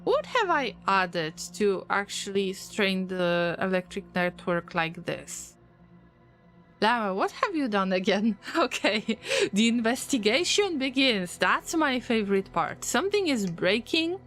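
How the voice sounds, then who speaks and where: Soft music plays behind a woman streaming a game, who chats casually and teasingly with viewers, responding to their messages with jokes. Her medium-pitched voice has a sing-song lilt, a touch of brightness and a slightly slow pace.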